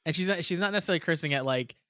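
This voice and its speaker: Smooth-voiced man in laid-back chat. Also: a little high, rapid-fire, pushed and bright, dry recording, studio quality. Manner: chuckling, supportive listener with rambling asides. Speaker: podcast co-host. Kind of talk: casual chat.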